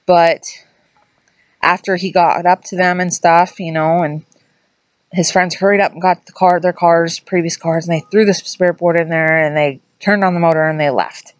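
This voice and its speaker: A middle-aged woman tells a ghost story in a loose, chatty way, wandering into asides and restarting her sentences. Her voice sits fairly low for a woman. The sound is dry and close, with little room around it. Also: fairly even intonation, moderate pace, dry recording. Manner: acts out quoted voices in a higher pitch. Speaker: vlogger telling a ghost story. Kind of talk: casual storytelling to camera.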